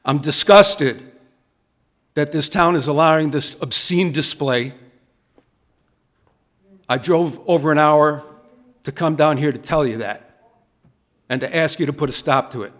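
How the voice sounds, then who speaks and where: A man's voice: a little high, measured pace, long pauses, a bit bright. Emphatic man giving indignant public comment. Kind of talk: public comment at a council meeting. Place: council chamber. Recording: dull, muffled meeting audio.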